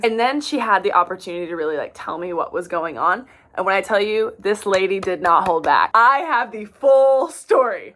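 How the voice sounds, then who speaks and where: A woman in her thirties tells a casual storytime to her camera, animated and full of fillers. She has a mid-range voice and sounds freshly sweaty from a workout class. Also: mid-range voice. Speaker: vlogger.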